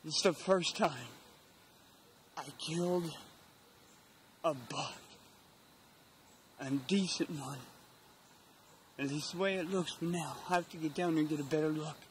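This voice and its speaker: A middle-aged man, out of breath and emotional, talking in a hushed, halting voice while hunting outdoors in the woods. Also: fairly high pitch, a little hiss or hum. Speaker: bow hunter. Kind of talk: hushed hunting vlog commentary.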